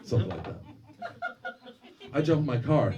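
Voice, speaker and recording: Crude, lively stand-up comic man. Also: medium pitch, moderate pace, far from the mic. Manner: crude, self-deprecating banter with the crowd. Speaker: stand-up comedian. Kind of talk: stand-up routine. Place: comedy club stage. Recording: live club with crowd laughter. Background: audience laughter.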